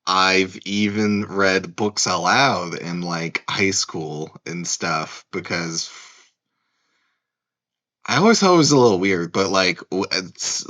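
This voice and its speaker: A man's voice: low voice, pushed and bright. A man hosting a podcast, playful in his greeting and hesitant in chat. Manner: playful, hesitant, many fillers. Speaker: podcast host. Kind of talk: casual chat.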